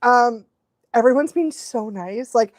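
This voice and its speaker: A young woman, a dog trainer, chatting casually on a live stream, excitable and animated, laughing often and sometimes losing her thread. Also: fairly high pitch, measured pace, no echo. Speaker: dog trainer hosting a live watch-along.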